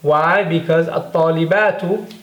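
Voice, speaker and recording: A man's voice: a little high, unhurried, fairly bright tone, dull audio. A man teaching a grammar lesson in a patient way, often repeating words and checking in with "okay?". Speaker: Arabic teacher. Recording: echoey room.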